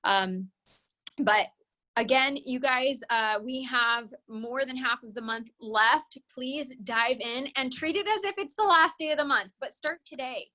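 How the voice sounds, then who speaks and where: A woman's voice: high voice, measured pace, sharp tone. Upbeat woman leading a group call. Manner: upbeat, encouraging, gushing praise. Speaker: team leader hosting a group call.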